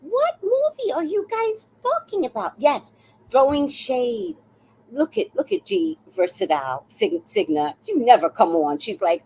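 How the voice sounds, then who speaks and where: High-pitched and measured, this woman's voice comes through a rough recording. In her sixties, she hosts a live stream as an animated storyteller, laughing as she chats and tossing in the odd swear word.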